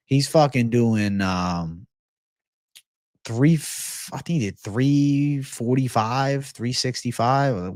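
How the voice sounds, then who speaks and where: A man in his twenties chats through a livestream Q&A in a relaxed, loose way, swearing freely as he reads viewers' questions aloud. His voice sits at an ordinary pitch for a man. The sound is close and dry, with no room echo. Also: brisk. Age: 20s. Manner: laid-back, swears often, reads chat aloud. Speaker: host of a livestream Q&A. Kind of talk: casual livestream chat.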